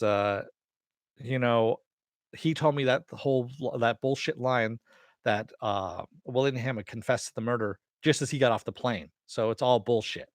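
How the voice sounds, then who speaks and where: A man's voice: lowish voice, no room sound, studio quality. A young adult man hosting a casual recap and review, retelling scenes loosely with many fillers and some swearing. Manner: loose storytelling that paraphrases characters' lines. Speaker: podcast host recapping a TV episode.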